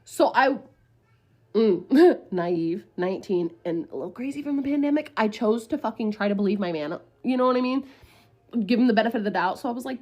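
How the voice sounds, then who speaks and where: A woman's voice: fairly high pitch, a little fast, dark tone. A woman in her twenties telling a story casually to the camera, profane and rambling, with lots of fillers.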